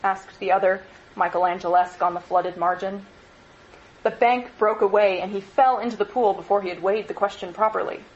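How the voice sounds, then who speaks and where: A woman lecturer reading a novel aloud in an expressive, measured way. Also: mid-range voice, highs cut off.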